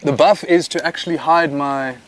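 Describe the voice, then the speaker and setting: A man's voice: a little high, fairly even intonation, normal speed. Male wildlife cameraman, casual interview, laid-back and dryly funny.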